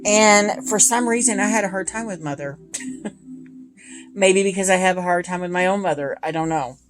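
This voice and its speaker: A woman's voice: mid-range voice, normal speed, over music. A woman in her thirties chatting casually and gushing about her tarot decks, with many ums. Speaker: tarot deck reviewer. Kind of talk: casual chat. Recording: noisy home recording.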